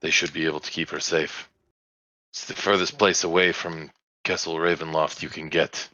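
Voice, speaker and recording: A man voicing a grieving older village priest in a tabletop game, speaking in a solemn, measured way. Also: very deep voice, little pitch movement, sharp tone, no room sound, lo-fi sound.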